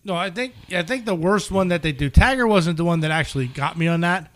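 A man's voice: high voice, expressive, quick pace, a bit bright. A man bantering casually with friends, laughing often and teasing.

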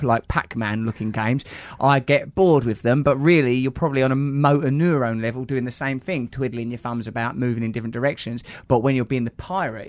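A man's voice: medium pitch, no room sound. A man hosting a podcast, talking in a playful, riffing, teasing way. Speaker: podcast host. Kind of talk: casual chat.

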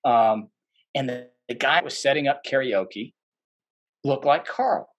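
A man's voice: medium pitch, a little slow. Rambling male podcast guest telling stories. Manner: rambling, with many fillers and restarts; animated when quoting people. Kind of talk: casual anecdote telling.

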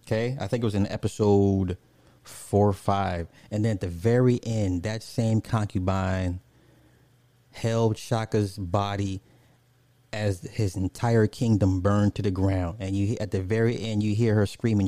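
A man's voice: fairly low pitch, steady tone, unhurried, warm tone, dry recording. A man chatting casually on a live stream, reading out viewer comments and ranting, laughing often and swearing freely.

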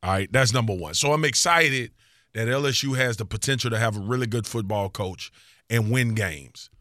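A man's voice: mid-range voice, normal speed, pushed and bright, dry recording. Male podcast co-host, loose and joking, slangy delivery, dry close sound. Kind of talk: casual sports talk.

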